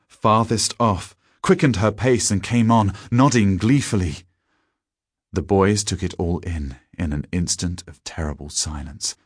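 A man reading a story aloud in a measured, deliberate audiobook narration. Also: deep voice, slightly rough, no echo, clean studio sound.

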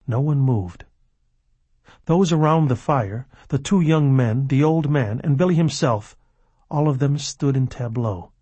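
A man reading a novel aloud as narrator, measured and dropping low and quiet at tense moments. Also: breathy edge, no echo. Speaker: audiobook narrator. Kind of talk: scripted narration.

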